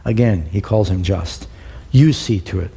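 A man's voice: unhurried, vocal fry, dark tone, husky. A middle-aged man preaching a sermon, reading scripture aloud and commenting on it, lifting his voice to act out the quoted speech. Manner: acts out the quoted lines with rising pitch and emphasis.

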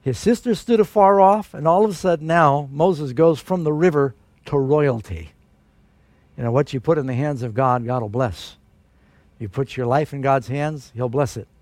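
A man preaching a sermon, telling a Bible story in an animated way with strong rises for emphasis. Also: mid-range voice, no echo.

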